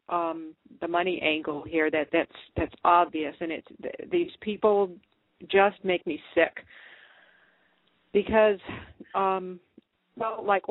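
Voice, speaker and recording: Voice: medium pitch, no echo. A co-host on a phone-in radio interview, speaking in an indignant, outspoken way. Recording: dry, tinny phone-like sound.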